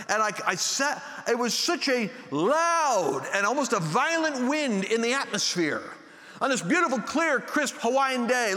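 Man, preacher, animated storytelling sermon, high voice, echoing hall.

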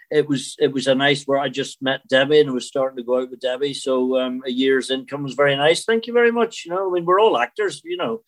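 Man, older, chatty storyteller, casual interview. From Northern Ireland. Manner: chatty storyteller, animated swings in pitch. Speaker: actor guest.

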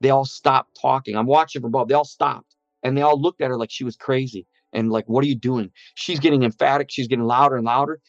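Speaking fast in a mid-range voice with fairly even intonation, this man earnestly recounts his near-death experience as personal testimony, quoting the voices of others. There's no room sound, though the audio is muffled and has soft music beneath it.

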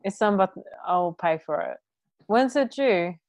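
A woman's voice: medium pitch, expressive, unhurried, darkish tone, no room sound. A young woman co-hosting a podcast, joking wryly and laughing easily. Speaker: podcast co-host. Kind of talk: casual chat.

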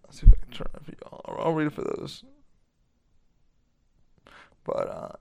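A man hosting a podcast, talking in a rambling, excitable way and swearing a lot. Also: medium pitch, moderate pace, vocal fry, long pauses, dry recording. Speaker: podcast host. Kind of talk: casual monologue.

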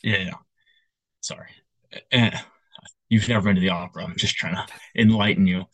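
Low-voiced young man telling stories. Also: moderate pace, no room sound. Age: young adult. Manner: animated storyteller, puts on voices. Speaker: podcast co-host. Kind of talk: casual chat.

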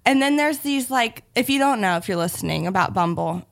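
A woman's voice: a little high, lively intonation, fairly quick, vocal fry. A young woman hosting a podcast, chatting casually and teasing her guest in a friendly way. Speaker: podcast host.

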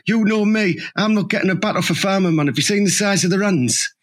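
A man tells rambling comic stories in improvised banter. His voice sits high and has a husky edge. He keeps checking in with "aye, man" and "you know what I mean". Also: fairly quick.

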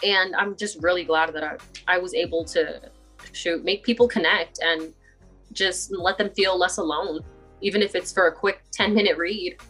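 A woman's voice: fairly low pitch, steady tone, normal speed, fairly bright tone, faint music behind. A woman talking casually as an interview guest, chatty and laughing often. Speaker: guest poet.

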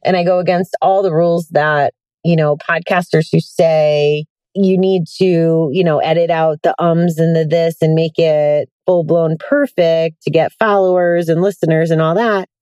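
A woman's voice: sits low, steady tone, unhurried, mellow, no room sound. A tired woman hosting a casual self-help podcast from her car, chatty and candid, with plenty of ums and likes. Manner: chatty, candid, with many fillers. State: tired, yawning. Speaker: podcast host. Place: sitting in a hot car.

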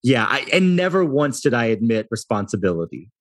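A man's voice: mid-range voice, big pitch swings, a little fast. A man in his thirties, a hotel company founder, telling self-deprecating stories in a casual interview and laughing often.

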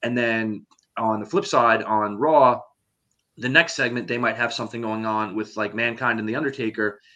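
A man co-hosting a podcast who explains things in a measured, conversational way. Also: mid-range voice, steady tone, pushed and bright. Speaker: podcast co-host. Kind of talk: casual chat.

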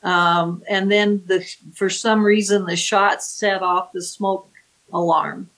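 A woman's voice: medium pitch, fairly even intonation, takes it slowly, a bit bright, poor audio. Woman vividly retelling a crime story. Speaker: author recounting a true crime case. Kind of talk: storytelling with acted-out quotes.

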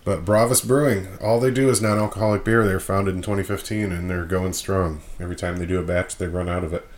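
A man's voice: low-pitched, steady tone, quick pace. A man from Michigan hosting a podcast in a casual, rambling way, self-deprecating and full of fillers. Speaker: podcast host.

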